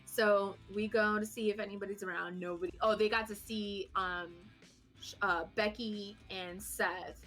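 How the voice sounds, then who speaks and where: A woman co-hosting a podcast who tells a story in a casual, animated way, swearing freely and poking fun at herself. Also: mid-range voice, moderate pace, faint music behind. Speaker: podcast co-host.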